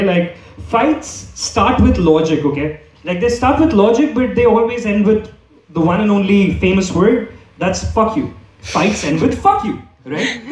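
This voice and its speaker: A man with a high, darkish-toned voice performs a stand-up set on a club stage, rambling with lots of fillers and restarts as the audience laughs. The sound is echoey, with the mic far off.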